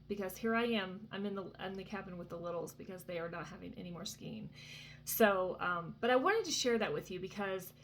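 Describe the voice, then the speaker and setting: A woman's voice: mid-range voice, fairly bright tone, slight background noise. A woman in her thirties talking casually from a vacation cabin, sharing an earnest faith testimony full of fillers and asides. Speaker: Christian vlogger.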